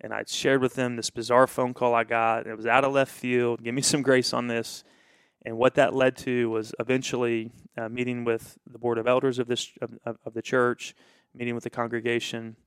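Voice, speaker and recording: Pastor, man, smooth voice, dry recording; casual storyteller who plays out the dialogue. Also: mid-range voice, moderate pace, dry recording. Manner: animated, acts out quoted dialogue.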